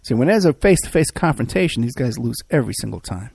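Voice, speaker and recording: A podcast host who also works as a private investigator delivers casual, mocking commentary in a rambling, sarcastic way, full of fillers and restarts. His mid-range voice is fast, creaky, and darkish with a breathy edge and big pitch swings, recorded dry.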